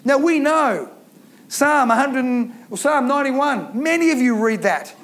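A man's voice: extremely high pitch, animated, unhurried, fairly bright tone. A man preaching a fervent sermon, driving points home with emphatic repeated phrases. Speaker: pastor.

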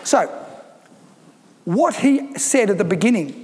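A man's voice: sits high, very animated, normal speed, pauses often, darkish tone, long reverb tail. A male pastor preaching a sermon, emphatic and repeating phrases for stress.

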